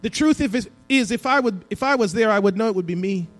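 A man preaching a sermon as pastor in a church, dropping to a hush and then rising to emphatic cries. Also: high voice, fast. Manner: preaching with swings between hushed and emphatic delivery. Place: church sanctuary.

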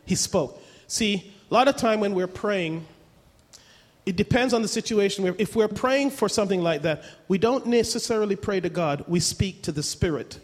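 Male preacher, high voice, emphatic sermon, rhetorical questions, reverberant hall. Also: normal speed.

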